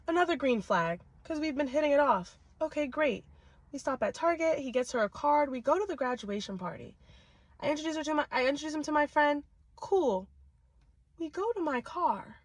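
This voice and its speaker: High-voiced young woman, dry close storytime. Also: animated, normal speed, long pauses, dry recording. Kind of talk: casual storytime. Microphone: phone.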